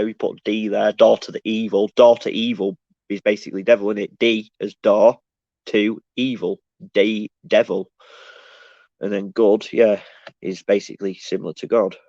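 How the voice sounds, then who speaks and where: A low-voiced man rambles through a casual live-stream monologue, often breaking off and restarting sentences. The sound is dry and a bit dull, like a lo-fi home setup. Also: level tone, moderate pace, mellow, no echo. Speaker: live streamer answering chat.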